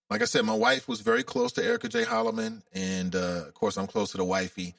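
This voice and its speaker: A man's voice: high voice, level tone, quick pace, creaky, few pauses, fairly bright tone, no echo, clean studio sound, recorded from a distance. A man from Cincinnati hosting a casual call-in radio talk show, chatty and openly emotional. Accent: Cincinnati, Ohio.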